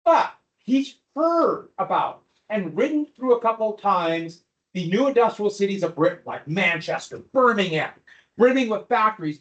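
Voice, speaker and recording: Man, history teacher, slightly high voice, classroom lecture, jokey, teases students with questions. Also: lo-fi sound. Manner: joking, teasing the class with questions.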